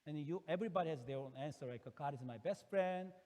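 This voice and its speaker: A man's voice: fairly high pitch, fast, a little mellow, big-room sound. A man preaching a sermon in English as a second language, earnest and emphatic, often restarting his sentences. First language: Korean. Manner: earnest, rises into emphatic pleading when quoting God; non-native phrasing with frequent fillers and restarts. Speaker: pastor.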